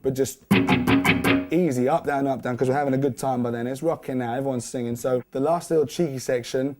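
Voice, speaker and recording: A man's voice: mid-range voice, fairly even intonation, fast. A young man giving a casual, jokey guitar lesson, counting beats and scatting rhythms aloud. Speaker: guitar teacher. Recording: loud guitar playing under the voice.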